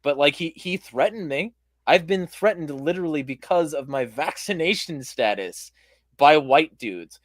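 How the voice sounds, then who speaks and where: A man with a hoarse voice, hosting a casual interview and telling a rambling, profane story with lots of fillers. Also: a little high, lively intonation, normal speed, dry recording, clean studio sound. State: hoarse voice from shouting. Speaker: podcast host.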